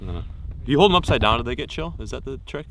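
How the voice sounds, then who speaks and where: An excitable young man on a boat, chatting to camera with a lively, bouncing voice that jumps up and down. He talks in casual slang and laughs often. A faint hum of noise sits under him outdoors. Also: medium pitch, fast. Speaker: fishing vlogger. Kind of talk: excited outdoor vlog chat. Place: boat on open water outdoors.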